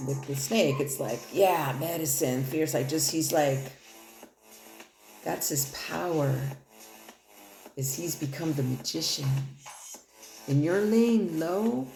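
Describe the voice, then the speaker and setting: In an echoey room with loud music, a woman reads tarot in a rambling, casual style, swearing freely. Her voice sits low and has a creaky quality.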